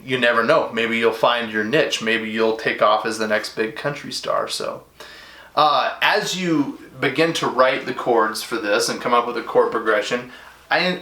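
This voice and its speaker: A man's voice: medium pitch, normal speed, bright, forceful tone, reverberant. A man teaching a recorded music lesson to his students in a casual, chatty way, full of asides and fillers.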